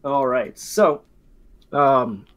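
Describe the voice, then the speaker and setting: A young man running a tabletop game as dungeon master, narrating with many fillers and pauses. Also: medium pitch, fairly bright tone.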